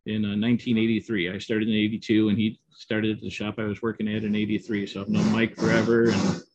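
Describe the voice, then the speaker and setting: A middle-aged man who co-owns an auto repair shop, answering interview questions in a relaxed, rambling way with many ums and you-knows. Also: fairly low pitch, fast talker, slight background noise. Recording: dull, slightly muffled dry audio.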